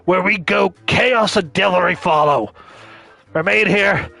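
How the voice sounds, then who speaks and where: A man voicing a blustering old male performer bent on chaos in a game, in a gruff put-on voice. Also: high-pitched, unhurried, heavily acted. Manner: blustering, growled shouting. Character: gravelly old male mischief-making performer.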